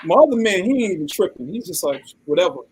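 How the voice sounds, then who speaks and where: A man's voice: high-pitched, fast talker, breathy edge, poor audio. A man, telling a story in casual chat and acting out the people in it. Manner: animated, acts out quoted voices. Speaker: podcast co-host.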